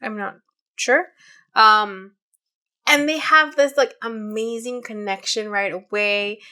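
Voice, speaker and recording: A woman's voice: on the high side, slow, pushed and bright. A woman in her late twenties, co-hosting a podcast and retelling a story in casual chat, with many fillers and quoted voices. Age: 20s. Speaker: podcast co-host.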